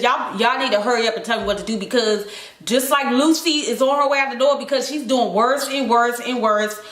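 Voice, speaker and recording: A woman talks fast and frantic straight to camera, begging her viewers for help. Her voice sits high and bright, and the small home room around her gives it a noticeable echo. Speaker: vlogger. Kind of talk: casual vlog to camera. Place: indoors, home room with houseplants. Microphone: camera mic, lit by a ring light.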